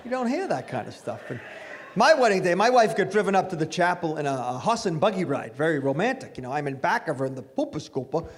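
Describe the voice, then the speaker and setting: A middle-aged male comedian on a club stage, talking into a handheld mic in a high, lively voice. He is self-mocking and conversational and keeps turning to the crowd, with faint noise from the room behind him. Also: fast talker. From Italian-American family. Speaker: stand-up comedian. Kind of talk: stand-up comedy set.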